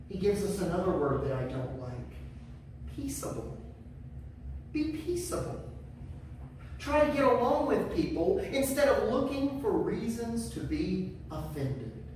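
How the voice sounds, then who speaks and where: A man's voice: high voice, a little hiss or hum. A man preaching a sermon as pastor, emphatic and repeating key phrases for weight. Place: church sanctuary. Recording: echoey church from far off.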